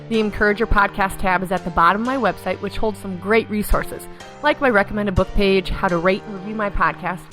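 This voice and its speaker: A woman's voice: medium pitch, pushed and bright. A woman in her thirties hosting a podcast, telling stories in an upbeat, casual way and acting out the voices of people she quotes. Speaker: podcast host. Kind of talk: casual storytelling monologue.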